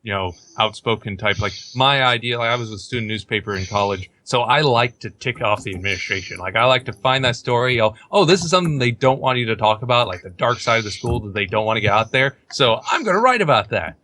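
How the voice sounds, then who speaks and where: A man's voice: medium pitch, lively intonation, quick pace, few pauses, pushed and bright, no room sound. A young man hosting a casual podcast chat, rambling and outspoken, often acting out what others said. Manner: rambling, outspoken, quotes others in put-on voices. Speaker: podcast host.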